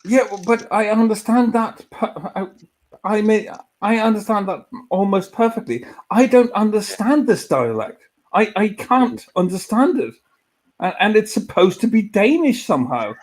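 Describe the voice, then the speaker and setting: High-voiced host who stammers and repeats words. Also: male voice, animated, normal speed. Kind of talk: casual chat.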